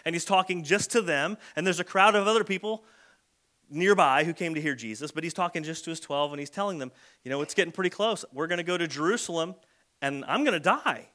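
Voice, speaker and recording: Casting: male pastor, slightly high voice with a bright edge, chatty sermon delivery. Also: fast. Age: adult with a son. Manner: conversational preaching, acts out quoted lines.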